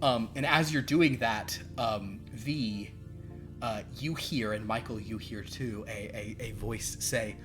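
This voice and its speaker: A man running a tabletop game as game master, rambling and halting with many fillers. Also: lowish voice, a bit bright, soft background music.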